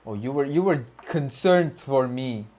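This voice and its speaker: A man with a deliberately put-on Arabic-style accent, casually chatting with viewers on a study livestream and reading chat aloud. His speech is slangy and loose, with swearing and frequent stumbles. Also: mid-range voice, lively intonation, a little mellow. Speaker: streamer studying on stream.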